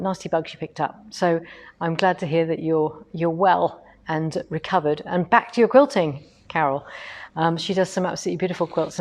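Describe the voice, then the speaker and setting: A middle-aged woman chatting casually on a livestream from a quilting showroom, rambling with asides as she moves the camera on its tripod. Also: lowish voice. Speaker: host of a quilting shop livestream. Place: quilting machine showroom, indoors.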